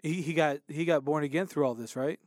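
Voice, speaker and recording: Male talk show host, earnest, emphatic, a bit high-pitched, dry close sound. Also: fairly even intonation, brisk, a little mellow, no room sound. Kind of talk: interviewing a guest.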